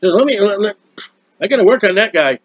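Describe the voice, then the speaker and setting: A middle-aged man with a high voice delivers a fervent, rambling sermon from home, jumping between exclamations. The sound is dull and lo-fi, with a close, dry feel and no room echo. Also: expressive, brisk. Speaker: preacher of a hymn channel.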